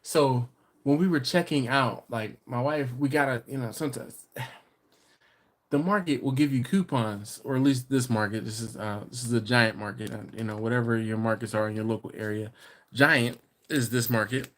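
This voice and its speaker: Animated, laughing man hosting a live stream. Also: mid-range voice, moderate pace. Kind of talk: casual live-stream chat. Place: home living room.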